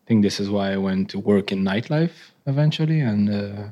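Laughing low-voiced man, halting English. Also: animated, mellow. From Israel. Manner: halting, laughs often, non-native English phrasing. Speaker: interviewed artist. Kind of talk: casual onstage conversation.

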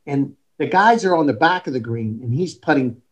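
A man's voice: mid-range voice, normal speed, highs cut off. A man who coaches golf, telling stories in an interview and acting out the quoted dialogue. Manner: animated storyteller, acts out quoted dialogue. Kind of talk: storytelling in a podcast interview.

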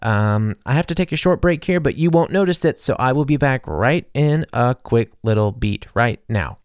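A young man hosting a podcast, telling a travel story in a chatty, animated way with lots of fillers and acted-out quotes. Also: medium pitch, smooth, no echo, clean studio sound. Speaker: podcast host. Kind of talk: casual storytelling monologue.

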